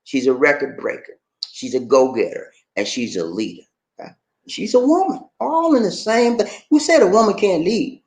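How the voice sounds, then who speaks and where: A man's voice: a little high, expressive, moderate pace. A man hosting political commentary, emphatic and rhetorical, often repeating "okay?" and "man". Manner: rhetorical questions, preacher-like delivery.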